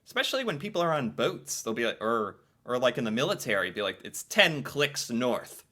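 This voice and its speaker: An American man giving casual reaction commentary in an excitable, playful way, with an American accent. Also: mid-range voice, quick pace. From United States. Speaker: reaction video creator.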